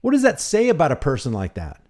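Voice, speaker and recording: A man's voice: a little high, wildly swooping pitch, fast, darkish tone. A man hosting a commentary channel, reacting to a video with indignant, sarcastic remarks and rhetorical questions.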